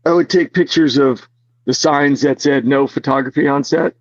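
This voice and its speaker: A man being interviewed as an actor guest, telling stories in an animated way, laughing often and full of fillers. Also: medium pitch, moderate pace, no room sound, highs cut off. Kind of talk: casual interview storytelling.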